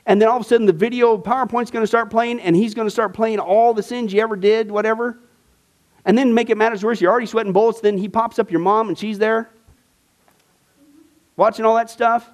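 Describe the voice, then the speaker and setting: High-voiced guy teaching bible class, gets all fired up, talks right to the room. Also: brisk. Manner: animated, enthusiastic preacher-style teaching with asides to class. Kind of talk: discipleship class lecture.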